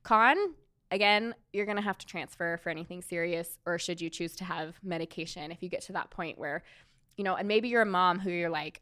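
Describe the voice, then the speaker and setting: A woman's voice: lowish voice, fairly quick, pushed and bright, clean tone, no room sound, studio quality. A woman in her thirties who works as a doula, talking earnestly and personally in a chatty way with many fillers. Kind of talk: casual talk about birth.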